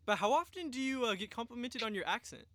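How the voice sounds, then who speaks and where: A man's voice: extremely high pitch, very animated, quick pace, noisy background. A man hosting a student sports podcast, asking questions in a chatty, casual way. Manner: chatty, casual, laughs easily. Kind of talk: podcast interview.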